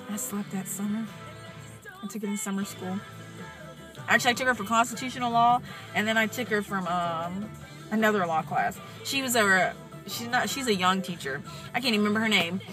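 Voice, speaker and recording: A young woman talking straight to her viewers in an excited, rambling casual vlog, with plenty of asides to the audience. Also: mid-range voice. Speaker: vlogger.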